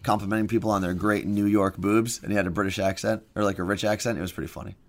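A man's voice: on the low side, little pitch movement, fast talker. A man co-hosting a radio show in a studio, joking around casually and introducing songs and segments. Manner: joking, playful, sings silly jingles.

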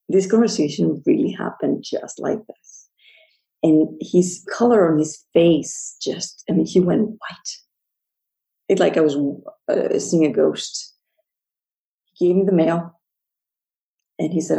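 A woman sharing a personal story as a guest, speaking earnestly with halting restarts. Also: lowish voice, gravelly, warm tone, poor audio.

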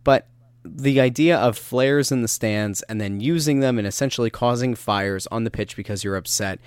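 A man in his thirties co-hosting a casual soccer podcast, telling animated stories with lots of restarts. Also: mid-range voice, normal speed, clean tone, no room sound. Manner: animated storyteller, rambling with restarts. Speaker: podcast co-host.

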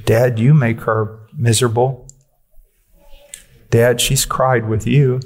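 Guy preaching, blunt and forceful, talks straight at you, plain mid voice. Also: mid-range voice, little pitch movement, takes it slowly. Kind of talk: sermon.

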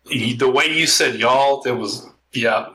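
A man co-hosting a podcast, bantering in a relaxed way and laughing often. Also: medium pitch, unhurried, noisy background. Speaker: podcast co-host. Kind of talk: casual podcast chat.

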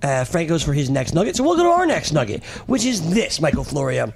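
Lively gravelly-voiced man hosting sports talk. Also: on the high side, noisy background. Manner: animated stat-reading with quick quips. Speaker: podcast host. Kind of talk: casual sports chat.

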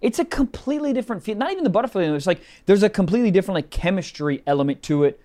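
A man's voice: high-pitched, lively intonation, racing, warm tone. A young man co-hosting a comedy podcast, rambling through a story with lots of fillers. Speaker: podcast co-host. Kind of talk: casual comedy chat.

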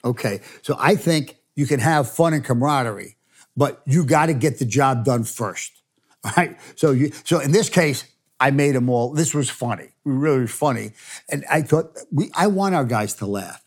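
Older guy telling coaching stories on a podcast, animated, laughs a lot. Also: medium pitch, normal speed. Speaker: former football coach and CEO, guest. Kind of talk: storytelling interview answers.

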